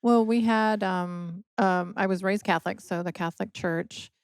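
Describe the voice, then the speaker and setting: A woman's voice: medium pitch, steady tone, normal speed, clear, resonant tone, dry recording, studio quality. A middle-aged woman from Michigan, a podcast guest telling her personal story in an earnest, emotional way. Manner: earnest, emotional, quotes others in dialogue.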